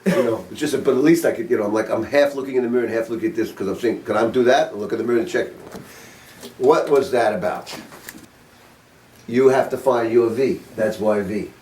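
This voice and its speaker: A man's voice: mid-range voice, brisk, darkish tone. A man in his sixties giving a saxophone master class to a group in a studio, casual and demonstrative with offhand jokes. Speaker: saxophone teacher. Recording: roomy room, mic at a distance.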